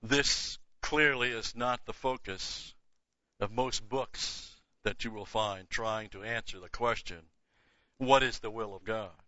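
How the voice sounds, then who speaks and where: A man's voice: fairly low pitch, takes it slowly, sharp tone, no echo. An older man giving a Bible teaching lecture, emphatic, repeating key words and dropping casual asides. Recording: dull lo-fi dry recording.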